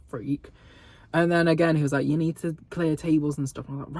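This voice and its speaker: A man's voice: fairly high pitch, steady tone, a little fast, pauses often, darkish tone. A young man vlogging, telling a gossipy story in a sweary, sarcastic way and laughing often, filmed on a phone camera. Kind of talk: casual storytelling mukbang.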